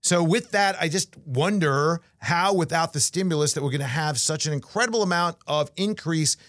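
A man's voice: on the high side, normal speed, fairly bright tone, no room sound, clean studio sound. A man giving casual market commentary, conversational and chatty, with fillers, restarts and storytelling asides.

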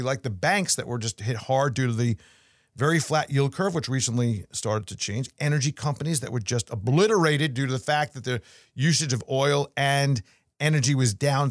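A man's voice: mid-range voice, dry recording, studio quality. A man giving casual market commentary, conversational and chatty, with fillers, restarts and storytelling asides.

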